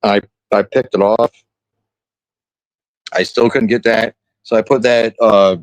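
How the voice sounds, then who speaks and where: A man's voice: on the low side, dry recording, rough recording. A man streaming casually, telling rambling, crude jokes and stories with lots of restarts. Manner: rambling, crude joking banter with frequent restarts. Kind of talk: casual chat.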